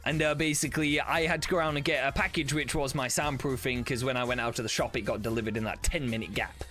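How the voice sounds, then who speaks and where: A man streaming games, chatting casually and excitably, swearing often and breaking into laughter. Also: mid-range voice, fast, faint music behind. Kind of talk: casual gaming stream chat.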